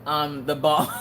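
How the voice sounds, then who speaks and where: Low-voiced joking woman streamer. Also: bright, forceful tone, slight background noise. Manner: joking, chatty, laughs often. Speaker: live-stream host. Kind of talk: casual chat while crafting on a live stream.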